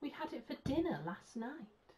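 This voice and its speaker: A woman's voice: sits high, very animated, normal speed, dark tone, voice pushed up. A woman playing a patient sensible mother. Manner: patient, reassuring. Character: sensible middle-aged mother. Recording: muffled lo-fi sound.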